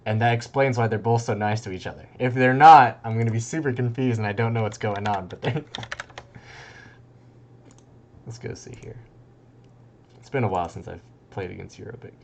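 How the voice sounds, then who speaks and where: A young man casting a strategy game tournament in a loose, rambling way, breaking into excited outbursts and laughter. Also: lowish voice, moderate pace, vocal fry, long pauses, lo-fi sound, slight background noise. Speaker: tournament caster. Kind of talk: casual game commentary.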